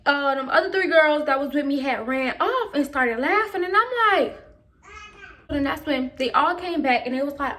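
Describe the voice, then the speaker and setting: A woman's voice: high-pitched, normal speed, slight background noise. A teenage girl, animatedly retelling a school story in a casual storytime vlog. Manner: animated retelling with quoted voices. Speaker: vlogger.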